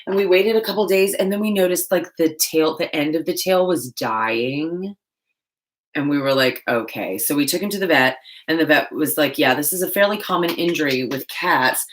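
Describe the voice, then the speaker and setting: A woman hosting a casual livestream while painting, chatting loosely and joking at herself in quick asides. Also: low voice. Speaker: livestream host. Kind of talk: casual live-stream chat while painting.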